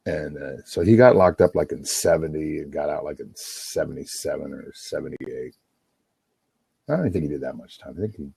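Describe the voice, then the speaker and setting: A man's voice: a bass voice, vocal fry, darkish tone, husky, dry recording. A middle-aged man rambling and swearing in a casual livestream monologue, talking over himself. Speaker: livestream host on a phone call.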